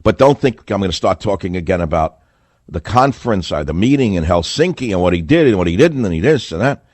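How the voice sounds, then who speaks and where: A man's voice: low voice, lively intonation, a little fast, darkish tone, no echo. A man hosting a talk radio monologue, combative and sarcastic, speaking with heavy emphasis into a close studio mic. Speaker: radio talk show host.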